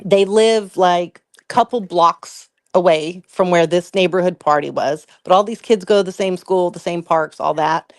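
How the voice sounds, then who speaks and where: A woman's voice: lowish voice, moderate pace, few pauses, no room sound, clean studio sound. A woman co-hosting a commentary podcast, retelling an online drama in a chatty, profane way with lots of "like.". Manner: chatty, profane, heavy use of "like". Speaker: podcast co-host. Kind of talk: casual commentary storytelling.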